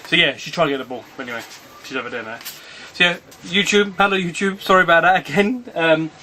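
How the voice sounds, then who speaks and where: A man's voice: a little high, quick pace, sharp tone, slight background noise. A man talking casually and rambling in a home video outdoors on a sunny afternoon. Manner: rambling, chatty, often breaks off to call his dog. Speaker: retro game collector vlogger. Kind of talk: casual vlog chat.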